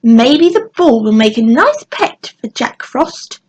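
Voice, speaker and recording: A woman reading aloud voicing a kind, clever fairy girl who speaks sweetly and sometimes whispers, with a slightly husky, fairly high voice. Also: big pitch swings, slow pace, darkish tone, highs cut off, exaggerated voice.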